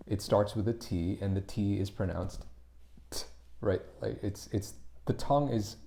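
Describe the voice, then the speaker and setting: A man teaching English pronunciation on a live stream, explaining slowly and patiently, demonstrating individual sounds and answering viewers' chat. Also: lowish voice, mellow.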